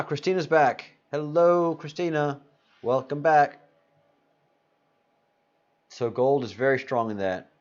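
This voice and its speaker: A man hosts a casual live stream in a loose, rambling way, stopping often to greet viewers from the chat. His voice sits in an ordinary middle pitch. The audio is a little dull and lo-fi. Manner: rambling, reads chat names aloud. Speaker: livestream host. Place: Spain.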